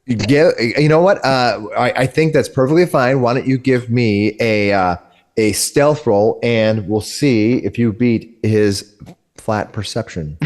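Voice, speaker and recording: A man's voice: medium pitch, measured pace, a little mellow. A young adult man narrating as game master, with frequent hesitations and restarts. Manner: hesitant, many uh's and restarts.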